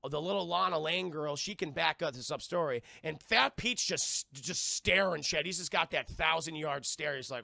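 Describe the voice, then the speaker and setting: A man reviewing a film on a live stream to his chat, animated and profane, acting out scenes as he retells them. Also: fairly high pitch, moderate pace, vocal fry, no echo, studio quality.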